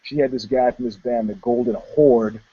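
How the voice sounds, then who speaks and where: A man co-hosting a podcast, telling stories in casual chat in an animated, laughing way. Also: medium pitch, moderate pace, dull audio. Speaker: podcast co-host.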